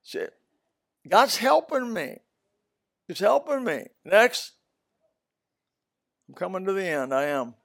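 An older man preaching a sermon in a storytelling way, swinging between loud bursts and soft asides. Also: high voice, very animated, takes it slowly, gravelly, pauses often.

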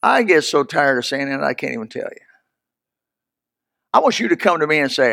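An older man preaching a folksy sermon, swinging from loud, high exclamations to low, hushed lines. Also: sing-song, fairly quick, vocal fry. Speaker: pastor.

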